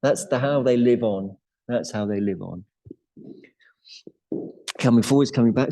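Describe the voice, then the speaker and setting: A man leads a yoga class in a studio, his voice mellow and low in brightness. He talks in a loose, chatty way, laughing often between his cues. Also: moderate pace, long pauses, rough recording. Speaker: yoga teacher. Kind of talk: guiding a live yoga class.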